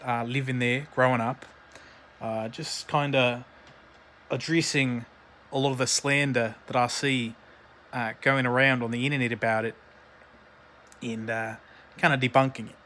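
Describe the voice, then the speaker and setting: A man's voice: medium pitch, fairly even intonation, measured pace, pauses often, sharp tone, a little hiss or hum. A man with an Australian accent doing a comedic vlog monologue, talking in a rambling, hesitant, mock-earnest way with lots of filler sounds. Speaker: vlogger.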